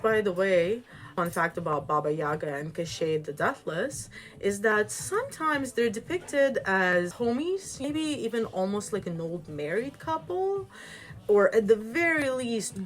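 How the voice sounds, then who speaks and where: A woman retells a folk tale in a loose, chatty way, wandering off on asides. Her voice is lively, rising and falling a lot. Her tone is casual and conversational. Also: mid-range voice. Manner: chatty, digressive, asks "right?". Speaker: storyteller.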